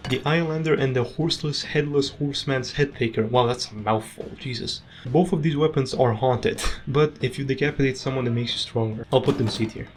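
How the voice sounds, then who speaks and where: A man giving casual tier-list commentary on video game weapons, with offhand, dry, quick verdicts. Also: medium pitch, a little hiss or hum. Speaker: gaming video creator.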